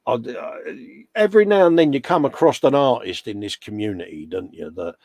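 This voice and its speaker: A man's voice: mid-range voice, lively intonation, fairly quick, darkish tone, no room sound. A middle-aged English man co-hosting a casual live chat, jokey and full of friendly slang, calling everyone mate. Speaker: co-host.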